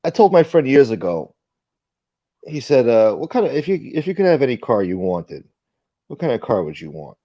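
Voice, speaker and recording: A man's voice: mid-range voice, very animated, moderate pace, long pauses, mellow, no echo, dull audio. A man hosting a casual livestream, reading viewer comments aloud and telling stories in a profane, rambling way. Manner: profane, rambling, reads chat aloud, acts out quoted friends. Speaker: livestream host.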